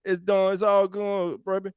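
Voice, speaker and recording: A man hosting a casual sports podcast live stream, greeting viewers with loud, hyped shout-outs, speaking. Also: high voice, little pitch movement, normal speed, smooth, dry recording, dull audio. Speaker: podcast host.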